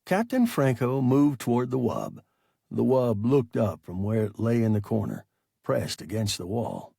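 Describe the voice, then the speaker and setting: Male audiobook narrator, slow, husky, very lively pitch. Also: no echo, clean studio sound. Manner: slow, expressive storytelling. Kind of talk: scripted narration.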